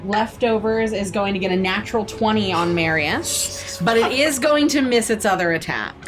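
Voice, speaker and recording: A woman acting as dungeon master who narrates a tabletop horror game and drags out the grim details. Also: medium pitch. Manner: slows down for grim descriptions.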